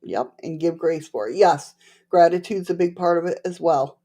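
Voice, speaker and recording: A woman's voice: fairly low pitch, normal speed, dark tone, husky. A woman with a slight lisp, hosting a livestream and chatting casually with her viewers in a rambling, laughing way. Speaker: livestream host.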